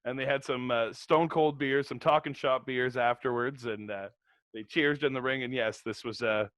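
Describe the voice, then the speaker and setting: A man's voice: medium pitch, fairly even intonation, moderate pace, a bit bright, clear, resonant tone, no echo. Laid-back man on a podcast, dry sound. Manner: laid-back, lots of fillers and laughs. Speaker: podcast co-host. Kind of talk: casual wrestling recap chat.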